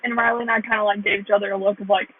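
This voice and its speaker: This young American woman talks very fast in a mid-range voice with flat delivery. Sharing her faith testimony on her vlog, she is earnest but rambling and uses "like" constantly, and the audio has a tinny, phone-like quality.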